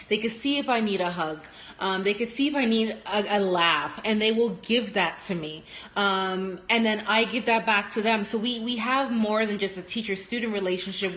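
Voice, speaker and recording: Animated young woman telling stories. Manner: animated storytelling, acting out quotes with big pitch jumps. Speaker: teacher and live-stream host. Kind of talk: casual live-stream monologue. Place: at home. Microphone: phone.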